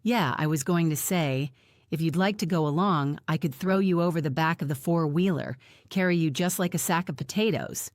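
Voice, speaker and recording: Lady reading a joking ex-cop guy, low voice, dry sound. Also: normal speed, no echo, close to an everyday voice. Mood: teasing. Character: joking man, former police officer.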